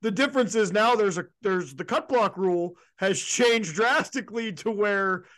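High-voiced man hosting an interview. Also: normal speed, a bit bright. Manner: chatty, asks long winding questions. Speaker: podcast host, interviewer. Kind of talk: casual interview.

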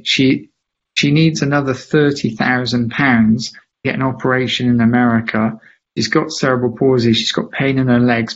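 A man, a podcast guest, telling a story with lively emphasis and acting out the voices of people he quotes. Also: mid-range voice, highs cut off. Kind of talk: animated storytelling in a podcast interview.

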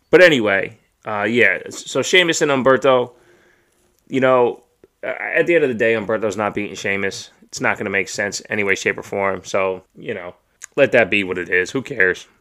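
A man hosts a loose, profane podcast chat from a home streaming setup, ranting bluntly about what he likes and hates. His voice sits low in pitch but has a bright, forceful edge. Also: moderate pace. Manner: blunt and ranting, swears freely. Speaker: podcast host. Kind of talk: casual wrestling chat, profane and opinionated.

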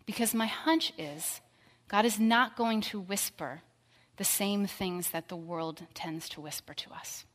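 Woman preaching softly in a reverberant hall. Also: mid-range voice, a little slow. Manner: storytelling, drops to a soft whisper for tender lines. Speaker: pastor. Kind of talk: sermon.

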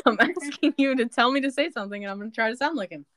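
A woman's voice: high voice, lively intonation, fast, a bit bright. A young woman co-hosting a podcast in casual chat, playful and teasing, laughing often. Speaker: podcast co-host.

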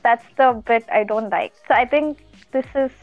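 A woman's voice: on the high side, moderate pace, no room sound, highs cut off, faint music behind. A woman guesting on a podcast, chatting casually with a playful, sarcastic streak. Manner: playful, sarcastic, laughs often. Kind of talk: casual chat.

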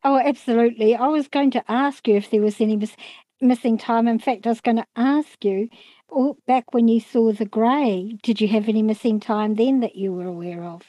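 A woman's voice: fairly high pitch, moderate pace, dark tone, no room sound, low-quality recording. A woman host asking interview questions, attentive and affirming.

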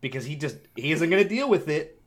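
A young man with an animated delivery, casually telling a story on a podcast, swearing freely and acting out the voices of the people in it. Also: on the high side, fairly quick. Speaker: podcast co-host.

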